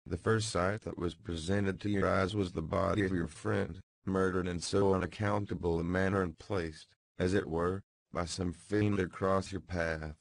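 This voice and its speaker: A man's voice: low voice, steady tone, normal speed, creaky, hardly any pauses, no echo. A man reading as a grave, kindly magistrate. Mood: solicitous. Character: kindly older male magistrate, gentle but grave. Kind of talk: audiobook character reading.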